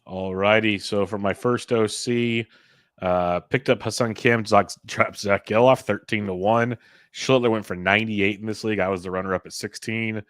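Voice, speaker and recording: A man hosting a fantasy baseball podcast, running through his picks in a relaxed, rambling way. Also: fairly low pitch, moderate pace, no room sound, clean studio sound. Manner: relaxed, rambling stat rundown. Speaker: podcast host. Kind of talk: casual fantasy baseball chat.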